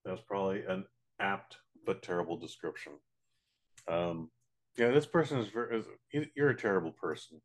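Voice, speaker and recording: A man's voice: low voice, moderate pace. A man co-hosting a podcast, reacting bluntly with swearing and dry, muttered asides. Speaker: podcast co-host. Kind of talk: casual chat.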